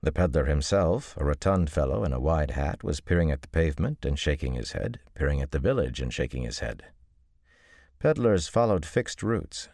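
A man reading a fantasy novel aloud in steady, measured scripted narration. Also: extremely low pitch, no echo, studio quality. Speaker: audiobook narrator.

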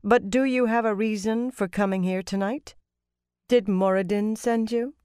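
A woman voices a composed, formal, polite captive in a fantasy audiobook, sounding guarded. Her mid-range voice is a little mellow, clear, and resonant, with fairly even intonation at a moderate pace. It's pitched slightly above her natural voice yet close to everyday speech, in a dry, studio-quality recording.

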